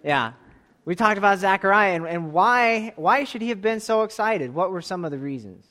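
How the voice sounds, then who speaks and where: A man in his thirties leading a church class, telling a story in a relaxed way, with soft asides and emphatic bursts. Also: sits high, moderate pace. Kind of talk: sermon-style Bible lesson.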